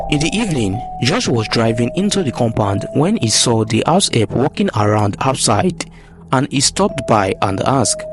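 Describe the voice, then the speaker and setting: A man's voice: medium pitch, big pitch swings, moderate pace. A man narrating a folktale as storyteller. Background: background music.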